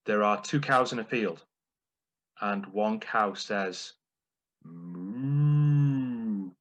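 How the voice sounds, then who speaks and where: A man's voice: lowish voice, steady tone, bright, forceful tone, low-quality recording. A man delivering a playful, humorous prepared speech at a speaking club. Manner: playful, deliberate.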